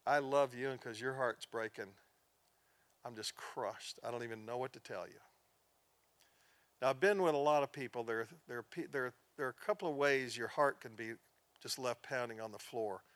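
A middle-aged male pastor teaches a class in a sermon-style way, telling stories earnestly, dropping to a near-whisper at sad moments and rising for emphasis. His voice is mid-range and a bit bright, with no echo.

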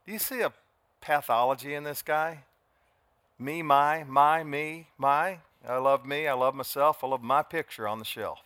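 Older male pastor, drawl, bright and slightly high voice, dramatic sermon delivery. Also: normal speed, no echo. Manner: dramatic, shifts from soft to shouting.

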